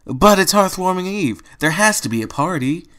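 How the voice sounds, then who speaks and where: A man voicing small, eager young filly girls in a high, bright put-on child voice. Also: expressive, normal speed.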